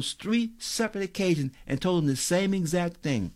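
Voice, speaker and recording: A man's voice: high-pitched, expressive, normal speed, few pauses, a little mellow. A man preaching a sermon as a pastor, telling stories and speaking directly to his listeners.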